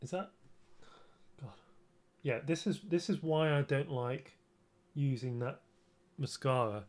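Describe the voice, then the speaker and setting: A man hosting a relaxed livestream, talking viewers through his makeup at an unhurried pace. His chat rambles and mocks himself, often restarting sentences. His pitch sits in an ordinary middle range. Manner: rambling and self-mocking, with repeated restarts. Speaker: streamer. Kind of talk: casual livestream chat during a makeup tutorial.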